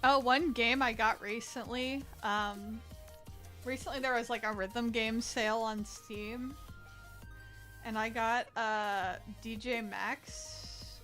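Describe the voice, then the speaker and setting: A woman's voice: fairly high pitch, steady tone, slow pace, fairly bright tone, faint music behind. A young woman chatting casually at home while she draws on stream, rambling, laughing often and swearing freely. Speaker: art streamer. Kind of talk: casual chat while drawing.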